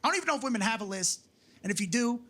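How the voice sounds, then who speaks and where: A male stand-up comedian with a high voice works a club stage, brash, profane and mocking, shouting for his punchlines. The live room noise of the crowd is clearly audible under his handheld mic. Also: lively intonation, rapid-fire.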